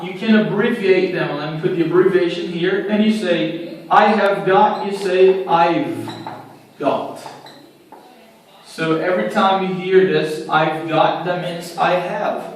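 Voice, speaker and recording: High-voiced man teaching from afar. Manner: slow, repetitive, explaining step by step. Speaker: English teacher. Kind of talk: whiteboard grammar lesson. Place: room with a writing board. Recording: very echoey room, far from mic, faint noise.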